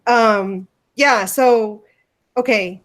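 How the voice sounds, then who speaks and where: A woman's voice: a little high, very slow, fairly bright tone. A woman co-hosting a casual livestream chat, talking loosely with many fillers and restarts. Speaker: podcast co-host.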